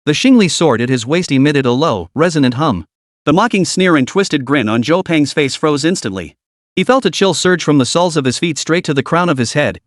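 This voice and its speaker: A man's voice: fairly high pitch, dry recording, clean studio sound. Man narrating a story recap.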